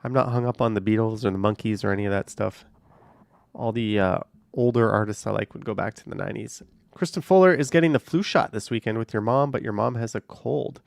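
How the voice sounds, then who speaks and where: Man, livestream host, gravelly voice, dry close sound, casual rambling chat from a moving car. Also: lowish voice, a little fast, dry recording. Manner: offhand, rambling, hedges with "I don't know". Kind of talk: casual live chat, reading viewer comments. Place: in a car while driving on a highway. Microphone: camera on a car mount.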